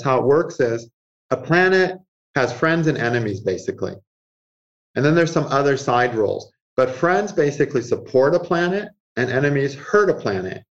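A man, an astrologer guest in an interview, explaining ideas in a lively conversational way and acting out inner voices with frequent chuckles. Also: fairly high pitch. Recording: muffled lo-fi sound.

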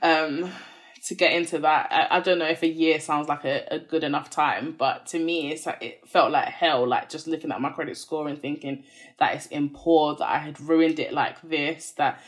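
A woman's voice: low voice, steady tone, moderate pace. A woman in her twenties, a podcast guest candidly telling a personal story in a chatty, earnest way, full of "like" fillers.

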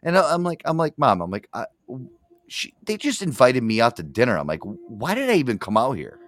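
A man's voice: medium pitch, huge pitch swings, fairly quick. A man hosting a radio show, telling a long story in a profane, rambling way with frequent restarts. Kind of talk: casual on-air rant.

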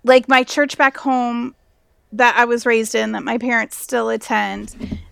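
A young woman telling her story in a casual podcast chat. Her voice sits a bit high and has a gravelly fry, and her talk is full of fillers and easy laughter. The recording is dry and close. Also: steady tone, a little slow, a bit bright, dry recording. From United States. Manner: chatty, laughs often, many "like" fillers. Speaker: guest pastor.

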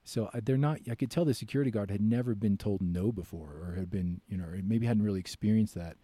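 Brief: young American guy, low pitch, lively storyteller who acts out voices. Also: quick pace, slightly rough, no room sound. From United States. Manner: animated storyteller, acts out quoted voices loudly. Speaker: podcast guest, author. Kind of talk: casual storytelling.

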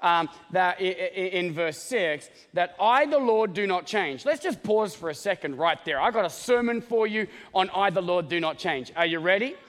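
A man preaching a sermon as pastor, joking and animated, often checking in with the congregation with "okay?". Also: high voice, normal speed, few pauses, big-room sound. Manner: joking, animated, talks straight to the congregation with many "okay?" asides.

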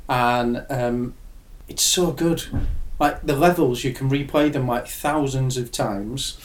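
A man's voice: mid-range voice, takes it slowly, a little hiss or hum. A young adult man, chatting casually and enthusiastically, swearing now and then. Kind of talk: casual chat. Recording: echoey room.

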